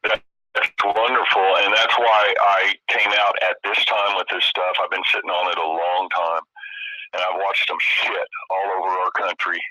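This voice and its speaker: A man's voice: low voice, flat delivery, normal speed, sharp tone, no room sound, low-quality recording. An older man, a radio show guest, giving impassioned testimony with emphatic, repeated phrases.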